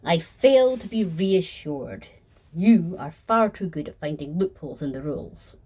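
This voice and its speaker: A woman's voice: fairly low pitch, lively intonation, warm tone, slightly rough. A woman voicing a sly, polished male deceiver who talks formally with dry sarcasm in a fan audio sketch. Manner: formal, measured, dryly sarcastic.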